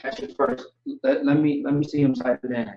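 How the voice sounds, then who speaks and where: A man's medium-pitched voice leads an online language lesson; he jokes around in a relaxed way and spells words out slowly. The mic picks him up from a distance, sounding roomy and flat.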